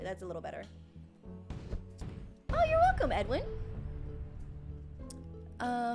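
A young woman streaming a game live, panicking, exclaiming and pleading with the game as she plays. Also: a little high. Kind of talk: live gameplay commentary. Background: game music.

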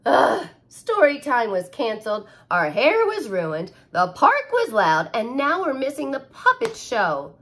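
A woman's voice: mid-range voice, very animated, slow, long pauses, darkish tone. A woman voicing a fretful mother who sighs and wails dramatically over setbacks. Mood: defeated. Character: fretful mother, adult woman, easily flustered.

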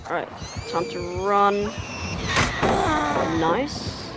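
A young adult gamer talks through a match in live commentary, reacting fast with sudden exclamations and bursts of laughter. Clear background music plays under the voice. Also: medium pitch. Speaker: gaming video creator.

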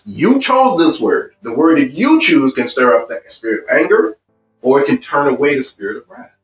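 A man leads a marriage seminar in a roomy, echoing hall and speaks from some distance off the mic. He asks his audience question after question. Faint music hums underneath. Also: medium pitch. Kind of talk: church seminar teaching. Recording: echoey room, voice from afar, faint music.

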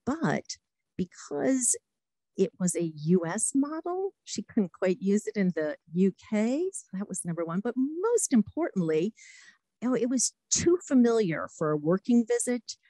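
A middle-aged woman, a former diplomat, giving a talk full of lively anecdotes and acted-out quotes. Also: medium pitch, unhurried, no echo, low-quality recording. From United States. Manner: lively anecdotes, acts out quotes, laughs often. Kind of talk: storytelling talk.

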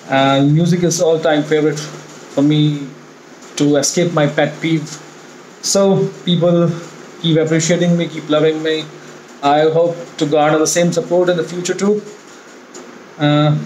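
A man from India, earnestly thanking his online music group in a casual video message, pausing often with "uh". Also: on the high side, darkish tone, rough recording. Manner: earnest, hesitant, with frequent uh pauses. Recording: faint background noise.

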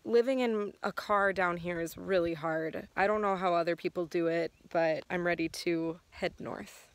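A woman talking candidly to her phone camera as a travel vlogger, chatty and thinking out loud. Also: lowish voice, fairly even intonation, normal speed. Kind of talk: casual vlog talk to camera.

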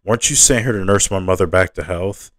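A man's voice: deep voice, fairly quick, dry recording, close to an everyday voice. A man reading aloud and voicing a proud, condescending young princess who lectures the others in a lofty tone. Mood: stern.

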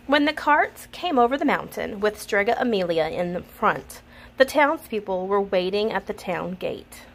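A woman reading a children's picture book aloud in an expressive storytelling manner. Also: medium pitch, normal speed. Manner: expressive, laughs at the funny parts.

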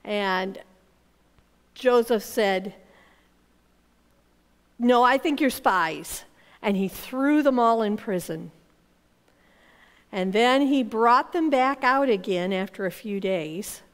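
Woman, children's Bible teacher, slow animated storytelling, reverberant room. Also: mid-range voice, smooth. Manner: animated storyteller voicing characters' lines. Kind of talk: storytelling Bible lesson for kids.

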